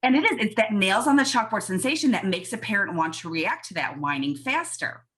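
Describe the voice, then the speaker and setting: A woman's voice: mid-range voice, lively intonation, brisk, a bit bright. A woman pediatrician giving emphatic parenting advice in a casual podcast interview. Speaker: pediatrician guest.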